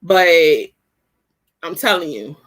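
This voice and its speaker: A middle-aged woman hosting a casual livestream, talking in an animated, chatty, slangy way. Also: on the low side, slow pace. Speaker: livestream host. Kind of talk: casual chat.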